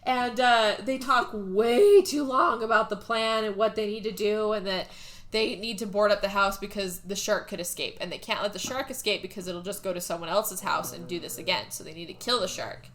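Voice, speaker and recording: Woman, podcast host; bright, punchy voice; loose, giggly movie recap, cusses freely. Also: medium pitch, moderate pace. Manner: laughs often, swears freely.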